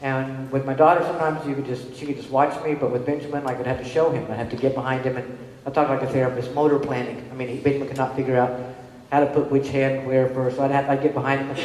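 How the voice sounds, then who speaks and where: A middle-aged woman giving a storytelling presentation on disability inclusion, animated and acting out the people she quotes. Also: very deep voice, quick pace. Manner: animated, acts out dialogue in quoted voices. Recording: echoey hall.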